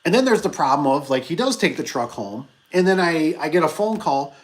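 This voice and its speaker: A man who owns a small business telling a rambling story in an animated, casual way, acting out the people he quotes. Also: a little high, a little fast, few pauses. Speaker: business owner vlogger.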